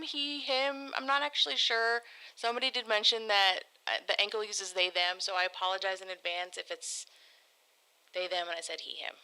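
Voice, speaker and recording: A woman's voice: on the high side, sharp tone, clear, resonant tone, poor audio. A woman hosting a casual livestream, reading viewer write-ins aloud in a bubbly, giggly, self-deprecating way. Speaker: livestream host. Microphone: desk microphone.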